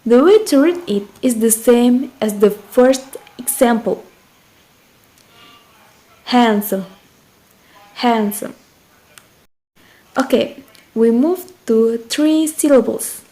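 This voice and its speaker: A woman's voice: a little high, takes it slowly, mellow, poor audio. A young woman with an Indonesian accent, a student patiently explaining word stress and speaking to the viewer. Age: young adult. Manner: patient, addresses the viewer directly. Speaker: student presenter. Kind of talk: explanatory lesson.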